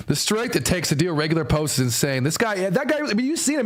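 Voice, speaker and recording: Talking fast with hardly any pauses, this high-voiced young streamer keeps up animated, casual reactions. Lines get repeated, and the swearing and laughter come often.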